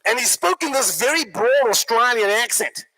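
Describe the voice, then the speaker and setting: Man, live workshop speaker, joking storyteller, bright tense voice, talks to the crowd. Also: extremely high pitch, moderate pace, rough recording. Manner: animated, joking storyteller addressing the audience. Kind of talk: live motivational workshop talk.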